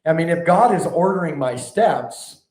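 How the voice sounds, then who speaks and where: Animated preacher man in an echoey hall. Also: fairly high pitch, normal speed. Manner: animated, conversational, asks the room questions. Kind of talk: sermon. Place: large hall before a live audience. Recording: echoey hall, mic at a distance.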